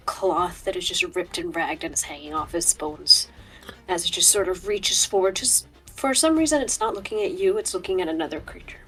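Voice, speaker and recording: Woman game master, soft eerie narration. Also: lowish voice, slightly rough, low-quality recording. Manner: drops to a whisper for eerie description.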